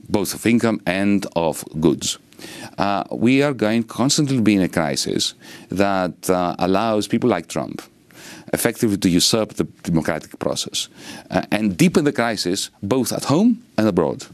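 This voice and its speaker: A middle-aged Greek-accented man speaks in a very low voice, explaining with sweeping, lecture-like rhetoric. The recording is close and dry, with no room sound. He is an economist answering interview questions. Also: very animated, moderate pace, no room sound. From Greece. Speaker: economist and politician guest.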